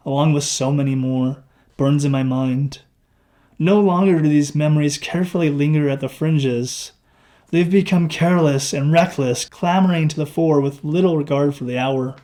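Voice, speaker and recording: A man with a slightly higher voice reads his own novel aloud in the first person. His throat sounds dry. He reads expressively and acts out the dialogue as he goes. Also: darkish tone.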